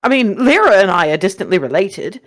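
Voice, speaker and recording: A woman running a tabletop game as game master, lively and quick to laugh. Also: mid-range voice. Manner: lively, laughing, corrects players.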